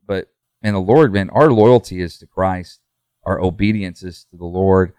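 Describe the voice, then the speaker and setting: A man's voice: low voice, normal speed, a little mellow, smooth, dry recording. A middle-aged man, a pastor, talking earnestly in a casual podcast conversation, full of fillers and restarts.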